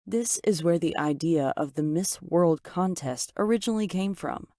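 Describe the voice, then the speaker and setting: A woman narrating a first-person story with dramatic, expressive delivery. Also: lowish voice, moderate pace, dry recording, clean studio sound.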